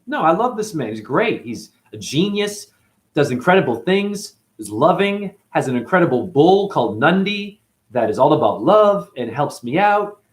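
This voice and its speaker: A man's voice: on the high side, very animated, moderate pace. A man voicing a defiant young royal woman in love, in a raised, pleading tone. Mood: adoring. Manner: pleading and indignant.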